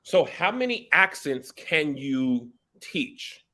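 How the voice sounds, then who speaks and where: Male host, bright tense tone, playful and chatty. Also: fairly high pitch, takes it slowly. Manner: playful, joking and energetic. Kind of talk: casual interview chat.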